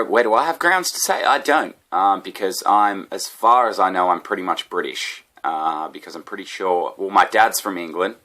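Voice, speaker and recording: A man's voice: low-pitched, bright, forceful tone. An Australian man, a comedian, telling a rambling, profane story with laughs at his own tangents. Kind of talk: casual comedic rant.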